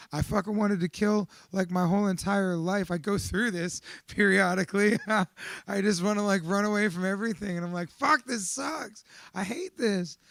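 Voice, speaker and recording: A man giving a raw, profane, confessional account of his fears, swinging between quiet reflection and shouting. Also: high-pitched, dry recording, clean studio sound. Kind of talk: emotional personal testimony.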